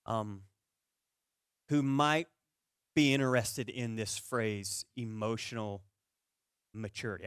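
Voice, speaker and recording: A man preaching a conversational sermon as pastor, telling stories with animated, comic energy. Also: no echo, studio quality. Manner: animated storyteller who gets loud and high-pitched in comic stories.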